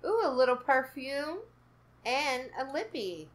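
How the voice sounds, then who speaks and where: Lady from kentucky doing her first unboxing, slow and giggly, a bit nervous, faint hiss behind. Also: high voice, expressive. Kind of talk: casual chat to camera.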